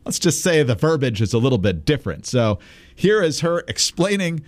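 A man's voice: a little high, sing-song, moderate pace. A man co-hosting a political talk show in a dry, sarcastic way. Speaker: podcast co-host. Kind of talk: casual political commentary.

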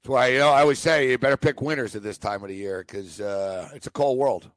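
A man's voice: mid-range voice, quick pace, dry recording. A man co-hosting a sports talk show, telling a long rambling story and acting out a phone call. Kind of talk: casual chat.

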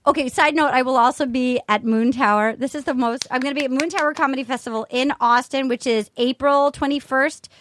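A woman co-hosting a podcast in casual chat, telling stories with gushing excitement. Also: high-pitched, brisk, hardly any pauses. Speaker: podcast co-host.

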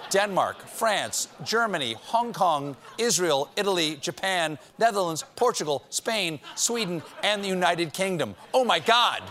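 A man's voice: high voice, animated, measured pace, hardly any pauses, fairly bright tone, a little hiss or hum. A man hosting a late-night show, delivering a comedic monologue with punchy jokes and sarcastic asides. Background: studio audience laughing.

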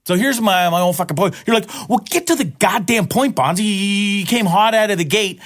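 A man in an off-the-cuff rant that rambles and doubles back on its words. He swears freely, and his voice jumps upward whenever he gets worked up. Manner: excitable, jumps up in pitch when worked up. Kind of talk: casual profane rant to camera.

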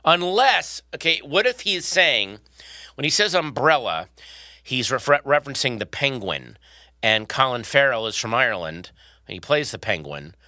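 A man's voice: mid-range voice, very animated, normal speed, bright, forceful tone, no echo. A man co-hosting a podcast in casual, playful, rambling chat. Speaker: podcast co-host.

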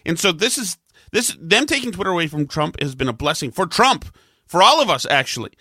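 A man's voice: a little high, very animated, brisk, sharp tone, dry recording, clean studio sound. A man co-hosting a podcast in casual political chat, arguing his points in a conversational way. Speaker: podcast co-host.

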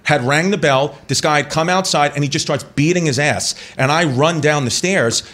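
A man's voice: on the high side, moderate pace, a bit bright. A man in his forties, a comedian guest telling a story on a talk show in a rambling, self-interrupting way, slipping into voices for the people in it. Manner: rambling, self-interrupting, breaks into laughter and impressions.

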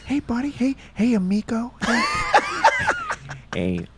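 A man doing a soft, drawling impression of a laid-back male movie star soothing a child on a plane. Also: very high voice, wildly swooping pitch, normal speed, crowd noise, pitched above the performer's own voice, exaggerated voice.

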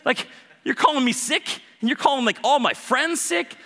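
A man's voice: very high voice, animated, pushed and bright, big-room sound, voice pushed up, full character voice. A man playing an offended tax collector. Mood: indignant. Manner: protesting, rapid questions. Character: indignant male tax collector, stung and defensive.

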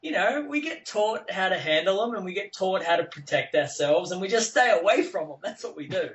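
A man's voice: sits high, animated, a little fast, fairly bright tone, recorded from a distance, muffled recording. An Australian man in his thirties, chatting easily as a guest, laughing often. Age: 30s. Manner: easygoing, reassuring, laughs often. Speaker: guest, professional bowler. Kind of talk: casual interview chat.

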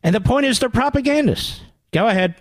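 A man's voice: very high voice, expressive, fairly quick, no room sound. A man hosting a radio talk show, giving combative political commentary, sarcastic and indignant, often climbing into pointed rhetorical questions on a studio mic.

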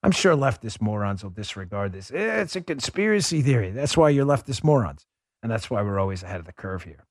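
A man's voice: lowish voice, lively intonation, brisk, dry recording, clean studio sound. A man hosting a political commentary show, speaking emphatically and sarcastically straight to his listeners. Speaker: show host.

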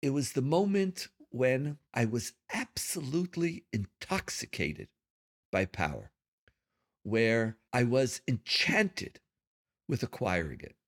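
A man's voice: mid-range voice, very animated, takes it slowly. A man from Israel, co-hosting, speaking thoughtfully and laughing between remarks. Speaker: podcast co-host. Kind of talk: reflective conversation.

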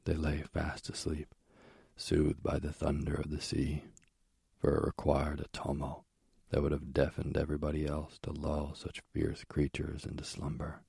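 A man who narrates an audiobook of a myth in a measured, steady way. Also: very deep voice, gravelly, breathy edge, no room sound, studio quality.

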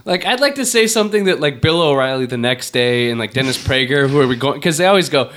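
Man, podcast host, casual chat, rambling jokey talk, mid pitch. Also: lively intonation, quick pace, hardly any pauses, a bit bright. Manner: rambling, jokey, lots of fillers.

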